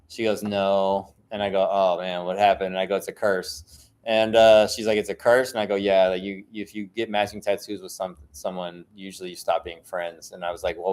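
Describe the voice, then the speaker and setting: Rambling, profane man telling stories. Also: fairly low pitch. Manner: rambling, profane storytelling with many fillers. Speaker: tattoo artist. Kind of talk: casual solo monologue.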